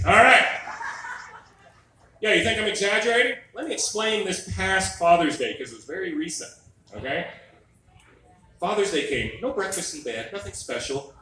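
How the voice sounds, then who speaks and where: A man's voice: high voice, sing-song, moderate pace, long pauses, bright, forceful tone, a little hiss or hum. A middle-aged man doing a stand-up comedy set on a club stage, telling wry, exasperated stories with mock quotes. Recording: echoey room recorded from a distance.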